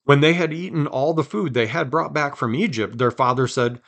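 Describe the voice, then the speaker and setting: A man hosting a podcast, reading scripture aloud with quiet dramatic emphasis and chatting between passages. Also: mid-range voice, moderate pace. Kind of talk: conversational Bible reading.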